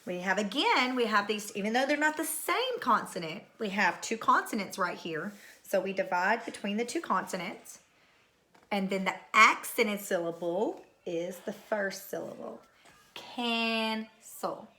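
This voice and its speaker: A woman's voice: mid-range voice, animated, moderate pace, sharp tone. A middle-aged woman teacher recording a spelling lesson at home, patiently calling out words and spelling them letter by letter.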